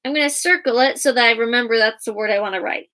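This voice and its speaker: A woman teaching young children a guided reading and writing lesson in a slow, sing-song teacher voice, spelling words out letter by letter. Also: fairly high pitch, bright, forceful tone. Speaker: kindergarten teacher.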